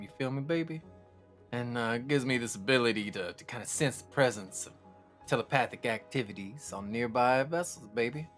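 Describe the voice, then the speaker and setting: A drawling, laid-back telepathic crewman who keeps calling people baby, put on by a man running the game. The voice sits at an ordinary middle pitch, with light music under it. It is a tabletop role-play character. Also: a bit bright, natural voice. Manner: drawling, calls everyone baby.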